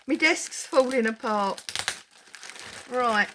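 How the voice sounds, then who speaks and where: A woman hosting a casual crafting vlog, giddy and excitable, chattering to herself at her craft desk as she unboxes a parcel. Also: mid-range voice, slow pace, heavy background noise. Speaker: crafting channel host.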